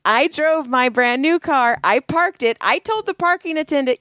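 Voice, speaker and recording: A woman co-hosting a podcast, telling a story in casual chat, animated and swearing, acting out quotes. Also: high voice, moderate pace, dry recording. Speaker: podcast co-host.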